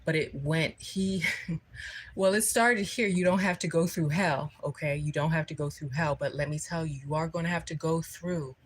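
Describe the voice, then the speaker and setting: A woman's voice: deep voice, moderate pace, slightly rough, low-quality recording. A woman giving a spiritual livestream talk, telling a story conversationally and often checking in with her listeners. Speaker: spiritual speaker.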